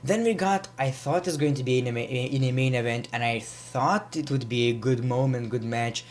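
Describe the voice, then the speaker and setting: A man's voice: mid-range voice, normal speed, a little hiss or hum. Rambling man reviewing wrestling. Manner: rambling, with many restarts and repeats. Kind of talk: casual vlog commentary.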